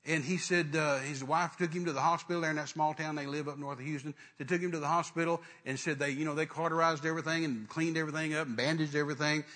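Fervent, forceful middle-aged preacher. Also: male voice, fairly high pitch, fairly even intonation, quick pace, few pauses. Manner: fervent, repetitive restarts and trailing "and, uh". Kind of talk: sermon storytelling.

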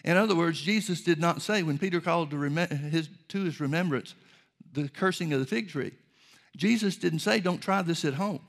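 Man, preacher, gravelly voice, slightly high pitch, measured sermon delivery. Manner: measured preaching, reads scripture aloud.

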